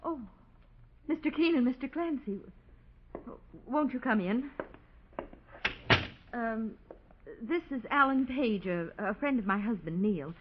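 An actress playing an emotional young wife in a 1940s radio drama, speaking breathlessly. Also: female voice, a little high, lively intonation, slow, pauses often, very noisy. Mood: polite. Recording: muffled old radio broadcast.

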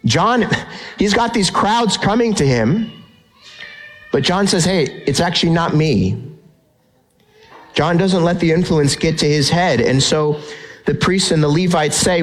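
A middle-aged male pastor preaching a sermon, emphatic and animated, asking the congregation rhetorical questions. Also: mid-range voice, unhurried, low-quality recording.

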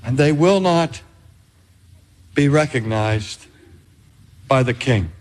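An older man preaching a sermon in a measured, emphatic way with dramatic pauses. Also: mid-range voice, animated. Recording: reverberant hall.

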